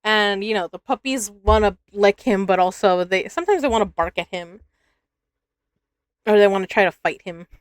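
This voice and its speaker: A woman's voice: medium pitch, normal speed, clean tone, no room sound, clean studio sound. Chatty young woman streamer, scratchy throat. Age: 20s. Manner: chatty and giggly, with trailing restarts. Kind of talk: casual live-stream chat.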